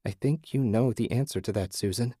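A man voicing a calm, disembodied otherworldly voice that soothes and teases in a close, dry storybook reading. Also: medium pitch, fairly quick, slightly rough, dry recording, close to an everyday voice. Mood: soothing, knowing. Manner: soothing, teasing, speaks in riddles.

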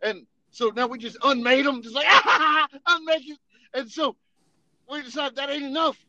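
A man's voice: very high voice, a little fast, bright, forceful tone, no echo, muffled recording. A man telling funny army stories in casual, profane storytelling, laughing and acting out voices as he goes. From Tennessee.

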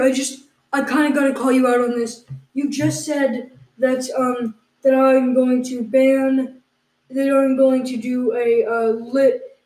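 A podcast co-host whose voice sits a little high and a bit mellow questions her partner with feigned exasperation during improvised comedy. Ums and uhs pad her lines, and her surroundings echo.

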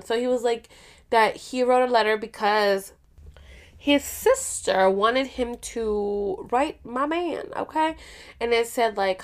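A woman's voice: mid-range voice, clear, resonant tone. A young woman hosting a podcast, casually telling a story, swearing a lot and acting out what others said. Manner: animated, heavy swearing, acts out quoted dialogue. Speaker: podcast host.

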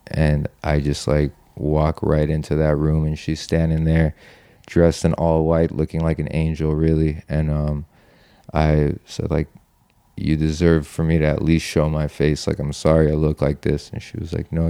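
A man's voice: extremely low pitch, completely flat delivery, normal speed, creaky, dark tone, clear, resonant tone, no echo. A man telling a personal story in a loose, rambling way, full of "like" and "you know", with casual swearing. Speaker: guest telling his story.

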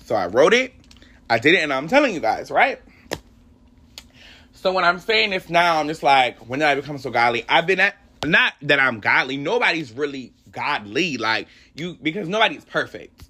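Young guy doing a solo podcast, emotional and rambly, bright tense voice that swings up and down a lot. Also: on the high side, very animated, normal speed, husky. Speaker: podcast host. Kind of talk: solo podcast, personal faith story.

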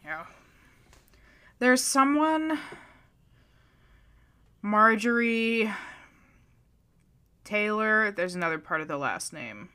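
Smooth-voiced young woman chatting. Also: mid-range voice, expressive, extremely slow, pauses often, bright, forceful tone. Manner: chatty, offhand, joking. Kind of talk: casual chat.

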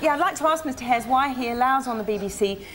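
A prim, earnest Christian complainer. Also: female voice, high voice, animated, fast talker, crowd noise, background noise. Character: prim Christian woman objecting to TV filth. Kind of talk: 1990s TV sitcom acting. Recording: TV studio with audience laughter.

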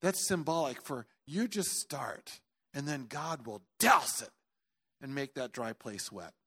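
A middle-aged male pastor preaching, telling a story with loud outbursts and quiet earnest stretches, and joking now and then. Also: medium pitch, animated, a little slow, husky. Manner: jokey asides. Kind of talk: sermon.

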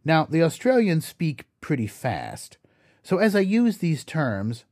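A man hosting an educational podcast, reading a scripted explanation slowly and carefully and spelling words out letter by letter. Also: on the high side, sing-song, darkish tone, dry recording, clean studio sound. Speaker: podcast host.

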